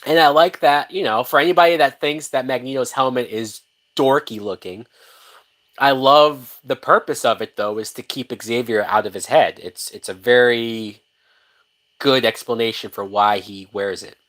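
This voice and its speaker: A man's voice: mid-range voice, normal speed. Guy doing a live movie watch, swears a lot, laughs, keeps restarting sentences. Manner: animated, profane, laughs often, many restarts. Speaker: movie reaction host.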